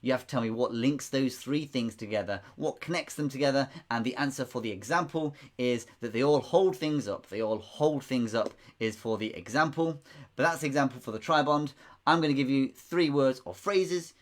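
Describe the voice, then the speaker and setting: A man's voice: medium pitch, normal speed. A man hosting a live online pub quiz, chatty and rambling, repeating himself and chuckling often. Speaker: quiz host.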